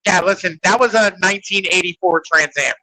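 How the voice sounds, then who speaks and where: A man with a high, bright voice talking in loose podcast banter, packed with swearing and "like" fillers. The sound is dry and close, with no room in it. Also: a little fast, no echo, rough recording. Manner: rambling, profane, filler-heavy ("like", "right?"). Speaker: podcast host. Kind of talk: casual podcast chat.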